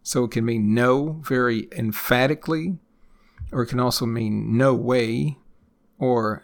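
A man hosting an English-learning podcast lesson, speaking slowly and repeating phrases for learners. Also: mid-range voice, vocal fry. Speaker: English teacher and podcast host.

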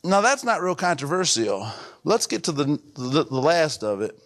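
A man's voice: fairly high pitch, sing-song, moderate pace, a bit bright. A man preaching a sermon as pastor in a church, earnest and repetitive, building to emphatic outbursts.

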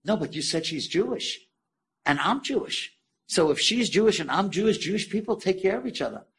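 A man's voice: sits high, animated, fairly quick, creaky, a bit bright, slight background noise, full character voice. A man playing an earnest, caring man. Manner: earnest, reasoning step by step.

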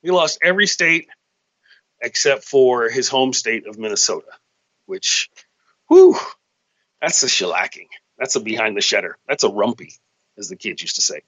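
The slightly dull, lo-fi audio captures a man's middling, bright, pushed voice as he hosts his own show. He drifts through a profane, comic monologue, jumping between ideas at a moderate, animated pace.

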